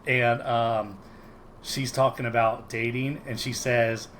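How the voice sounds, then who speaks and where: A man's voice: mid-range voice, little pitch movement, slow pace, a bit bright, slight background noise, low-quality recording. Rambling man recapping a sitcom. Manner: rambling, many ums and likes, laughs often. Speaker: podcast co-host. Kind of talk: casual chat recapping a sitcom episode.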